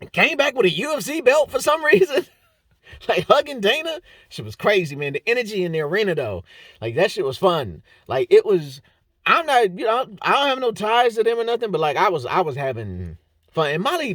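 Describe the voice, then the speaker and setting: A man's voice: sits high, a bit bright, dry recording, studio quality. A man giving a casual, slangy, profane breakdown of fight results, laughing often. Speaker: MMA fight analyst.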